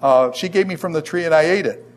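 A man's voice: a little high, fast talker, close to an everyday voice. A man voicing the first man of the Bible story, who stammers sheepish excuses and shifts the blame. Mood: whiny. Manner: stammering excuses, rising and pleading.

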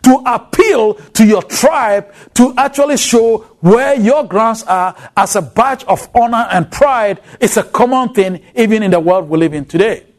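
A man from Ghana with a Ghanaian accent, giving a recorded Bible lecture with emphatic, drawn-out stresses. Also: high voice.

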